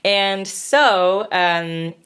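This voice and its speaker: A woman's voice: mid-range voice, very slow, clear, resonant tone. Chatty laughing female horn teacher. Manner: chatty, laughs often, lively storytelling. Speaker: horn teacher and podcast co-host. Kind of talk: casual podcast chat.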